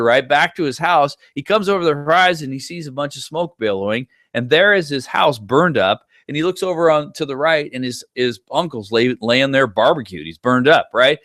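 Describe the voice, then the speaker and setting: A man teaching a class in a conversational lecture style, animated and often checking in with the listeners. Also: medium pitch, no room sound, studio quality. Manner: conversational, checks in with frequent "right?"; animated retelling with brief quoted voices.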